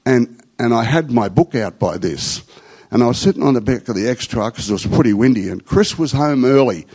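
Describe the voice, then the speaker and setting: A man's voice: medium pitch, animated, a little fast, a little mellow, slightly rough, rough recording. A middle-aged man with an Australian accent, telling rambling, slangy stories in a conversational talk to a group.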